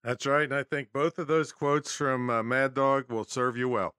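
A man's voice: mid-range voice, steady tone, moderate pace, pushed and bright, clear, resonant tone, no echo, studio quality. A man hosting a podcast, chatting casually and laughing easily with his guest. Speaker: podcast host. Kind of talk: casual interview chat.

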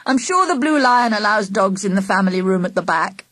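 A woman's voice: mid-range voice, expressive, a little fast, fairly bright tone, breathy edge. A woman voicing a cheerful uncle who used to be a travelling salesman, speaking in a knowing, matter-of-fact way.

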